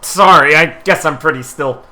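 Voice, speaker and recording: A man's voice: a little high, normal speed, sharp tone. A man talking casually in character as a player in a tabletop game, laughing often and easily flustered. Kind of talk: casual in-character role-play.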